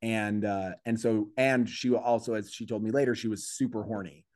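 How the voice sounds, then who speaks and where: A man's voice: fairly low pitch, fairly even intonation, normal speed, a little mellow, dry recording, studio quality. A man, a comedian, telling a story in a casual podcast conversation, acting out the voices of people in it and restarting his sentences often. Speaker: comedian guest.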